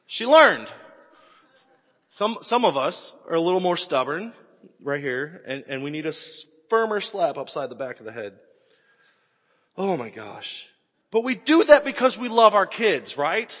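Man in his 40s, pastor, lively husky voice, bright tone, sermon in a reverberant hall. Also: high voice, unhurried, long pauses. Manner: animated storytelling, bursts into shouts. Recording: echoey hall with long reverb.

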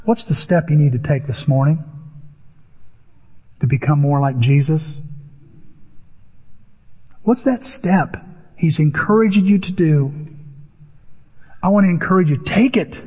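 An older man preaching a sermon as pastor, telling stories in an animated way and acting out the voices of people in them. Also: a little high, unhurried, pauses often, slightly rough, long reverb tail. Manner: animated storytelling with acted-out voices.

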